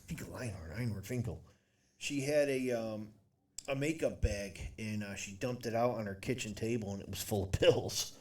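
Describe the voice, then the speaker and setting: Young dude rambling thru a story, cussing a lot, kinda low voice. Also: male voice, normal speed, a little mellow, recorded from a distance. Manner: rambling, profane, laughs through his story. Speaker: podcast co-host. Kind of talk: casual storytelling chat.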